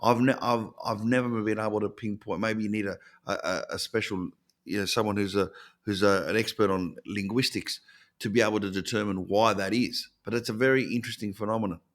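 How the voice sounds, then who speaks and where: A middle-aged man with an Australian accent, a comedian guest chatting casually in an interview, telling stories with lively restarts. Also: fairly low pitch, brisk. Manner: lively storyteller with many restarts.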